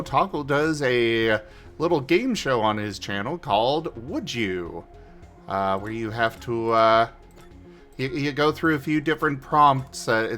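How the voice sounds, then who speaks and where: A man hosts a casual livestream, his voice bright and forward as he chats and rambles with plenty of fillers. Soft music plays under his voice at a mid pitch. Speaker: streamer host.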